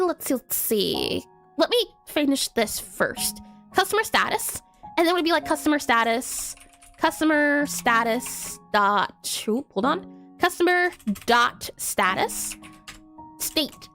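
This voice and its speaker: A woman's voice: high-pitched, a bit bright. A woman live-streaming her game coding, thinking aloud as she types, spelling words out and answering her chat in a casual, chatty way.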